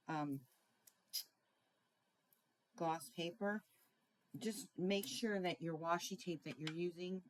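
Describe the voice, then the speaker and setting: A middle-aged woman with a slightly low voice talks through a card-making tutorial in a relaxed, chatty way. She often pauses with ums and clears her throat. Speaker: craft tutorial host.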